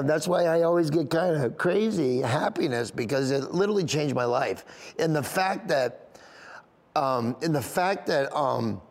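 A man's voice: a little high, big-room sound. A man, a comedian, telling a rambling, emotional story in an interview, often near tears and laughing. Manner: rambling, tearful and laughing as he recalls.

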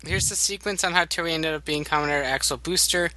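A man's voice: fairly high pitch, fast, over a noisy crowd. A young man hosting a fan podcast, reading news items aloud like a reporter and laughing between them.

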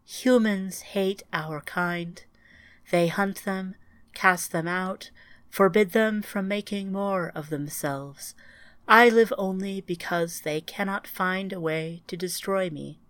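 A woman voicing an ancient, sorrowful female entity made of countless tiny machines, speaking in a calm, measured, solemn way in an audiobook. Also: medium pitch, no echo. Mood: mournful.

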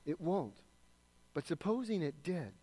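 A man's voice: fairly high pitch, sing-song, unhurried, mellow, long reverb tail, voice pushed up, exaggerated voice. A man voicing a fiery male angel in a firm, plain way while reading a story aloud in a sermon.

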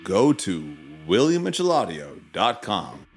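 Deep-voiced laid-back podcast host. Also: male voice, wildly swooping pitch, unhurried, over loud music. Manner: laid-back, swears freely. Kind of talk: casual chat.

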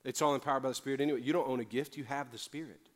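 A man's voice: mid-range voice, fairly even intonation, very fast. A man preaching a sermon as pastor, building with fervor and emphatic repetition. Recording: long hall reverb with faint music.

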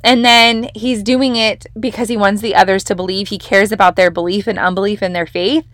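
A woman's voice: medium pitch, fairly even intonation, brisk, fairly bright tone, no echo, clean studio sound. A young woman hosting a devotional podcast, teaching from the Bible in a casual, enthusiastic, emphatic way. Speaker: podcast host leading a devotional.

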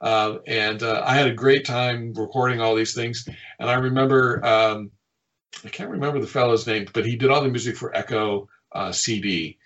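A middle-aged man, a game designer, telling stories from his past work in a lively way, often chuckling and acting out what people said. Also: medium pitch, moderate pace, lo-fi sound. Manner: lively storyteller who chuckles often and acts out quotes. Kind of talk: reminiscing anecdotes in an interview.

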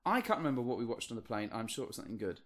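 A male podcast co-host from the UK talking in a relaxed, chatty way, his voice rising and falling a lot. He jokes constantly and bursts into playful exaggeration. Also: medium pitch, rapid-fire. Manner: joking, animated, with playful outbursts. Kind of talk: casual chat.

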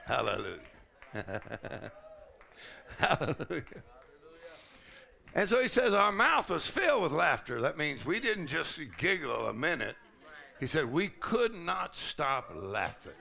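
Gravelly, high-pitched preacher laughing loudly. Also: male voice, very animated, unhurried, pauses often. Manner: preaching with bursts of laughter and shouting. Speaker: pastor. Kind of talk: charismatic sermon. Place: large conference hall.

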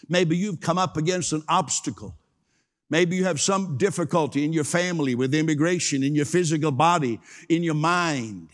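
A man's voice: a little high, normal speed, big-room sound. A man preaching a sermon, emphatic, repeating key phrases and asking the congregation to say them with him.

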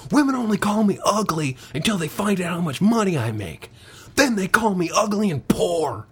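A man putting on a movie-star impression to deliver deadpan one-liners. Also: high voice, moderate pace, slightly rough, voice pushed up, full character voice.

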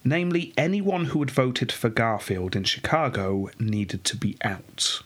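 A man's voice: mid-range voice, measured pace, fairly bright tone. A man hosting a podcast, casually telling a history story and reading quotes aloud with frequent laughs.

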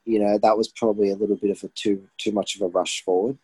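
A man's voice: on the low side, level tone, quick pace, mellow, breathy edge, no echo, low-quality recording. An Australian man co-hosting a podcast, laid back and full of "you know", on a patchy remote call. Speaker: podcast co-host. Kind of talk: casual chat. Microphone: remote call, patchy line.

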